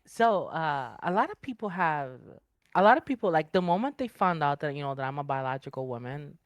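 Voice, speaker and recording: A woman's voice: sits low, expressive, fairly quick. A woman guest in a casual interview, talking emphatically with slangy asides. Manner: emphatic, slangy, says bro. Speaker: guest, online streamer.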